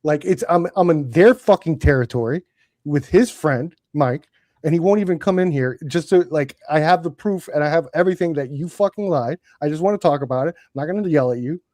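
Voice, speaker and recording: A man's voice: on the high side, darkish tone, no echo, studio quality. A man ranting on a livestream with a lot of swearing and heated frustration. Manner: angry, profane, rapid ranting.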